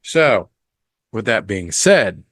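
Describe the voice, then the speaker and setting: A man's voice: on the low side, big pitch swings, a bit bright, no echo. A man hosting a podcast, giving a casual, rambling film review full of ums and blunt profanity. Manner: unhurried, rambling with frequent ums.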